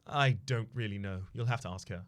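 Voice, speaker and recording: A man voicing a gruff middle-aged male bar manager who haughtily demands money. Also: on the low side, brisk, voice pushed down, lightly acted. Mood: grumbling.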